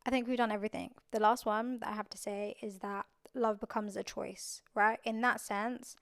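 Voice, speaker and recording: A woman's voice: mid-range voice, steady tone, normal speed, no room sound, studio quality. Earnest young woman podcast host. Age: young adult. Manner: earnest, repeats phrases for emphasis. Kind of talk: casual solo podcast talk.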